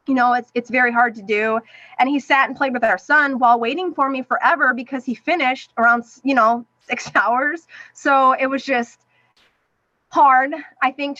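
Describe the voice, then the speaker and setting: Woman, middle-aged, high-pitched, crisp bright tone, emotional personal story, dry close sound. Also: no room sound, highs cut off. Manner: animated, acts out quoted voices. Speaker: guest.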